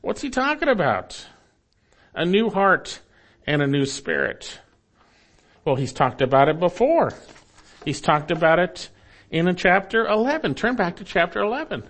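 In an expository sermon, a high-pitched man exhorts earnestly, moving between emphatic and hushed lines. He speaks straight to the listener as a friend, calling them "my friend."

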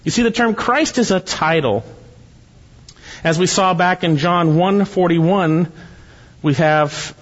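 A man preaching a verse-by-verse sermon, earnest and full of rhetorical questions, dropping his voice low when he quotes scripture. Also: slow, pauses often. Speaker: pastor. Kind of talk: expository sermon. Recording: dull, reverberant hall sound.

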